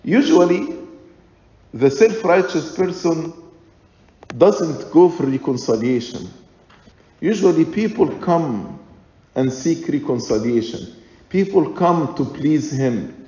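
A man preaching a sermon in a slow, deliberate, emphatic way, repeating his points. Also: on the high side, expressive, dark tone. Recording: echoey hall, dull lo-fi sound.

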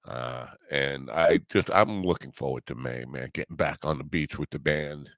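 A podcast host with a very deep voice rambles through his week in a gloomy, self-mocking way, tossing in crude jokes. His voice is recorded close and dry, with no room around it. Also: moderate pace, creaky, fairly bright tone, no echo. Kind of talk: casual rambling chat.

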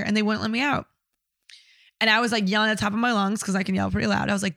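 A woman's voice: mid-range voice, steady tone, rapid-fire, fairly bright tone, dry recording, clean studio sound. A young woman telling a personal story in casual conversation, candid and blunt, swearing often.

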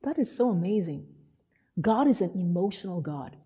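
Husky-voiced woman preaching in a hall. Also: on the low side, normal speed. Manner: animated storytelling, acting out quotes. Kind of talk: sermon. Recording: hall reverb.

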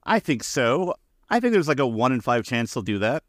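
A man's voice: mid-range voice, sing-song, moderate pace, dry recording. A man co-hosting a casual podcast with dry, laid-back jokes. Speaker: podcast co-host.

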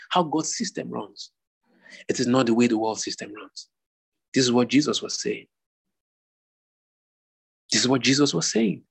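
A man's voice: mid-range voice, vocal fry, slightly rough. A man preaching a sermon to an online group, asking rhetorical questions and repeating phrases for emphasis. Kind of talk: sermon teaching.

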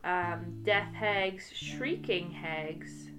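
A woman's voice: fairly low pitch, drawn-out words. Enthusiastic woman over guitar music. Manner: enthusiastic, lists things with many likes. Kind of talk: casual chat. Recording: guitar music clearly underneath.

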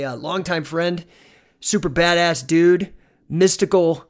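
A man's voice: on the high side, steady tone, takes it slowly. A man hosting a casual podcast interview, talking hesitantly with many fillers and turning upbeat when he introduces segments. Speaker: podcast host.

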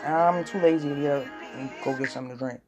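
A woman giving blunt, profane, rambling commentary as she reacts to music, swinging from loud rants to low mumbles. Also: quick pace.

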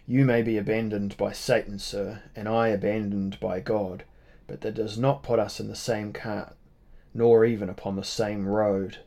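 A man's voice: on the low side, level tone, normal speed, warm tone, lightly acted. A man voicing a proud Irish tavern keeper with an Irish accent, speaking with stern dignity.

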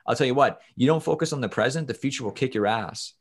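A man's voice: medium pitch, fast, husky. A man talking emphatically on a podcast, swearing freely and restarting his sentences often. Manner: emphatic, profane, restarts a lot. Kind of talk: casual podcast conversation.

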